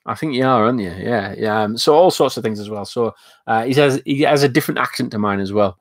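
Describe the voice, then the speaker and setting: A man's voice: medium pitch, fast talker, dry recording, studio quality. Chatty Northern English man on a live stream. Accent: Northern English, mixing northwest and northeast. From north of England. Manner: rambling and chatty, with frequent fillers and restarts. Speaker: live stream host reading chat. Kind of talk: casual live stream chat.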